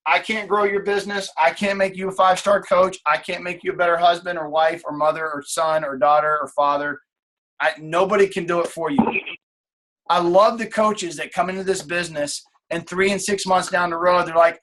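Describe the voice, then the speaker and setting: A late-thirties man leads a coaching call for his team, talking bluntly and casually, swearing a lot and restating his main ideas. His high voice holds a steady tone at normal speed, fairly bright, over slight background noise.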